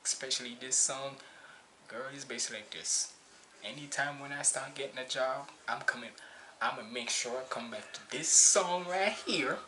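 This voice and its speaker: A man's voice: mid-range voice, moderate pace, pushed and bright, a little hiss or hum, low-quality recording. A man hosting a music reaction video, talking casually and preachily, repeating his points for emphasis. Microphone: cheap basic mic.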